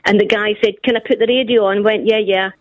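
Animated Scottish woman with dull sound. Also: medium pitch, dry recording. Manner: animated storyteller, quick asides. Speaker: comedian guest. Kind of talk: casual radio chat.

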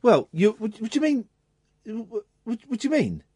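Excitable radio host, high lively voice. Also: male voice, normal speed, slightly rough, no echo, clean studio sound. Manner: teasing, exasperated, excitable. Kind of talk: casual radio chat.

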